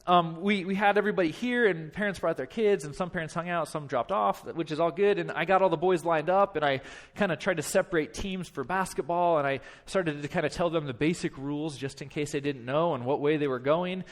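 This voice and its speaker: A man in his thirties, a pastor telling a funny story in a sermon, animated and self-deprecating. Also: a little high, brisk. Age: 30s. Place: church.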